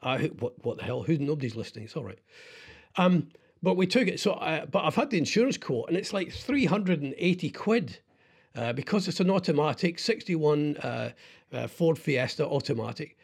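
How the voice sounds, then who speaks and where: Radio guy rambling on, kinda high voice, loads of ums and restarts. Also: animated, gravelly, slightly rough. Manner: rambling, self-deprecating, halting with many fillers. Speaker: radio host. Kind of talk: casual radio chat.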